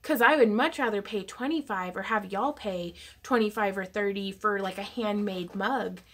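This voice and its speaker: A woman's voice: mid-range voice, moderate pace, fairly bright tone. A woman hosting a casual craft livestream, chatty and giggly, reading viewer comments aloud.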